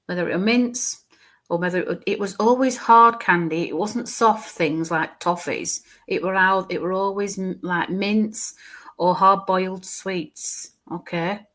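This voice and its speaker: A woman gives a live mediumship reading in a voice of middling pitch. She speaks haltingly, repeating and restarting words as she describes what she sees. Now and then she sinks into soft, quiet murmurs.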